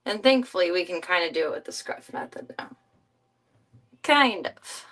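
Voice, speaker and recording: Female streamer, casual, gentle coaxing tone; lowish voice, recorded off-mic. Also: lively intonation, fast. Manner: soft, coaxing talk to her pet. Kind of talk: casual chat. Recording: distant mic.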